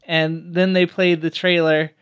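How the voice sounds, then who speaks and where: A man's voice: a little high, level tone, a little slow, fairly bright tone, clean tone. A man co-hosting a casual podcast chat, dropping wry, sarcastic asides. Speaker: podcast co-host.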